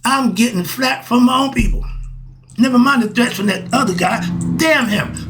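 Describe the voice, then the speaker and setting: An older man giving a preachy spiritual monologue to his viewers, firing rhetorical questions and swinging between loud exasperation and quiet asides. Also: very high voice, moderate pace. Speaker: self-styled spiritual teacher.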